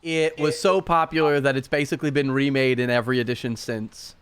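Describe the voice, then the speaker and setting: A man's voice: medium pitch, steady tone, brisk, fairly bright tone, clear, resonant tone. A man running a tabletop game, chatting out of game and giving long, rambling explanations with many fillers. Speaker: game master. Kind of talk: casual out-of-game table chat. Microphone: streaming mic.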